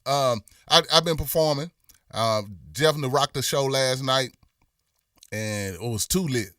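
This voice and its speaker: Laid-back Memphis man, bright voice. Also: medium pitch, a little slow, no room sound, studio quality, far from the mic. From Memphis, Tennessee. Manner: laid-back, drawling, lots of "you know what I'm saying". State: voice a bit worn from performing. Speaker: livestream host. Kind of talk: casual livestream chat reading comments.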